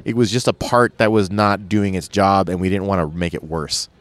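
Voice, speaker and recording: A man's voice: sits low, fairly even intonation, normal speed, dry recording. A man casually telling a long off-road trip story, rambling with lots of restarts and fillers.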